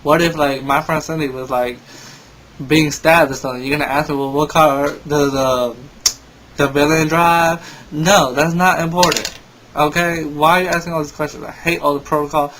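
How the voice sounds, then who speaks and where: A man's voice: fairly high pitch, fairly even intonation, fairly quick, a bit bright, slight background noise, rough recording. Ranting young man telling a story. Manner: exasperated, rambling rant. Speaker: vlogger. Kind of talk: casual storytelling vlog.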